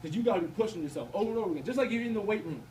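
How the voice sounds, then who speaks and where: Young man, quick, high-voiced testimony speaker, chatty, distant mic and faint hiss. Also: animated, a little mellow. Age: 20s. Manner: casual and conversational, often asking "you know what I mean". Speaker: student speaker at a campus ministry event. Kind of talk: personal faith testimony. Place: event room at a campus gathering.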